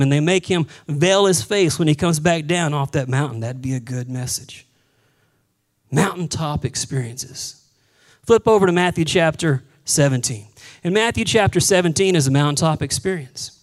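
A male pastor preaching a sermon, animated, acting out the voices of Bible figures and dropping to a hush for solemn moments. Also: on the high side, poor audio. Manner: drops to a hushed voice for solemn moments.

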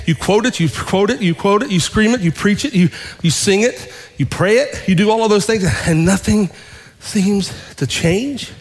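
A man's voice: high voice, moderate pace, in a large hall. A man preaching a sermon as pastor, talking conversationally, acting out dialogue and asking the congregation questions.

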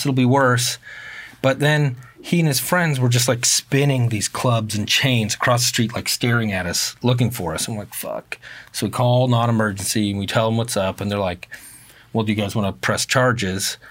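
Laid-back man telling a story. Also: mid-range voice. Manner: casual, swearing, animated when quoting others. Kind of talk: casual storytelling chat.

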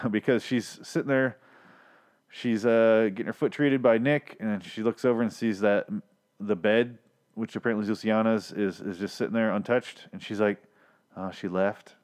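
A man's voice: lowish voice, steady tone, moderate pace, darkish tone. A man casually recapping a TV episode, rambling and swearing, with self-deprecating asides and frequent restarts. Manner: profane, ranting, rambling with restarts. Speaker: show recap podcaster.

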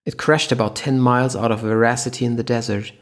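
A man's voice: mid-range voice, steady tone, quick pace, close to an everyday voice. A man voicing a stern military general. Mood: formal. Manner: clipped, formal report.

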